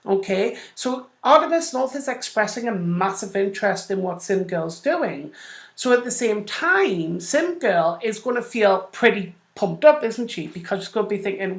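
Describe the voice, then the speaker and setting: A woman's voice: on the high side, lively intonation, moderate pace. Chatty woman host in an echoey room. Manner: rambling, chatty, addresses listeners directly. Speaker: radio show host. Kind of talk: casual explanatory talk. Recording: roomy echo.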